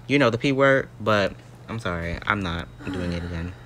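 A man's voice: fairly low pitch, fairly even intonation, moderate pace, sharp tone, slight background noise. A young man giving dramatic, easily startled commentary on a mobile game as he plays. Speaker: gaming YouTuber.

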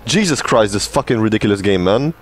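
A man's voice: on the low side, expressive, a little fast, soft background music. A man giving a profane, sarcastic rant as gameplay commentary, mocking the game he is playing. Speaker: gaming channel host.

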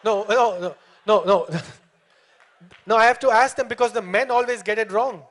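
A man's voice: sits high, normal speed. A young man from India performing a stand-up comedy set at a live venue, chatting with the crowd and laughing often. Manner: lively crowd work, lots of laughing.

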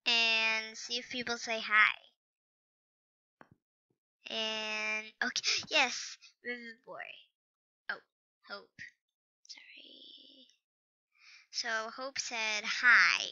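A woman's voice: on the high side, extremely slow, pauses often, pushed and bright, smooth. A woman giving casual gameplay commentary. She rambles hesitantly and adds apologetic asides, recorded on a muffled lo-fi computer mic. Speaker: gaming channel host.

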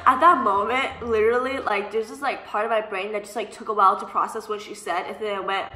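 A young woman vlogger telling casual storytime anecdotes in an animated, sassy way, mimicking the people she quotes. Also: mid-range voice, a little fast. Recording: echoey room, faint background music.

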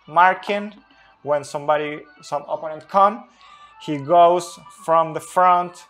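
Fußballanalytiker, Spanisch als Muttersprache, etwas höhere Stimme, zögerlich, leise Musik im Hintergrund. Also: male voice, a little high, fairly bright tone. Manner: hesitant, searching for words, many fillers. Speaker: football analyst. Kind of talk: tactical analysis commentary.

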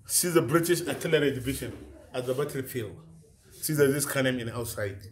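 A man's voice: medium pitch, brisk. A man leading a guided museum tour in broken English, often checking whether his listener understands. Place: indoor museum galleries.

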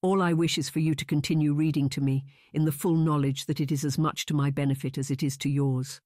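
A man voicing a soft-spoken young marquis. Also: steady tone, no echo, clean studio sound, close to an everyday voice. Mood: gentle. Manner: slow, soft, low-spoken. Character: young aristocratic man, gentle and insistent. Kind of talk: audiobook character voice.

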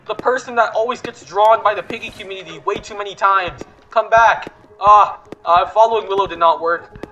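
Excitable high-voiced male gamer. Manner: excitable, panicky, repeats words fast. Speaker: gaming video host. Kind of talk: gaming commentary.

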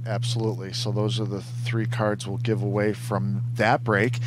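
A man's voice: fairly low pitch, level tone, moderate pace, background noise. A man co-hosting a live trading card show, reading out card pulls in an upbeat, casual way. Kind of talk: live card box break chat.

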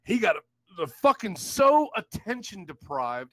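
Young man, profane livestream rant, high lively voice, dry close sound. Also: unhurried, no room sound. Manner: loud profane ranting, frequent swearing, laughing mockery. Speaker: livestream host. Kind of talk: profane ranting live stream.

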